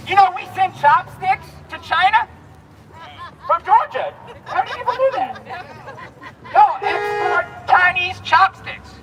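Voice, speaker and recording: A man's voice: extremely high pitch, far from the mic, poor audio. A man from Texas giving a rousing, repetitive outdoor protest speech at a rally. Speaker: rally speaker.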